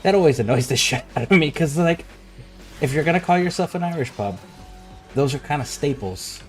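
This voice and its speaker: A man's voice: a little high, animated, brisk, soft background music. Profane, ranting man on a game stream. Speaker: livestream gamer. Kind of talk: casual gaming livestream chat.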